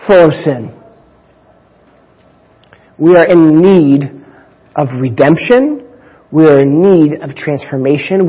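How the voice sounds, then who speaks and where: A man preaching a sermon, with deliberate, emphatic delivery and drawn-out pauses. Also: sits high. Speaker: pastor. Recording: dull lo-fi recording.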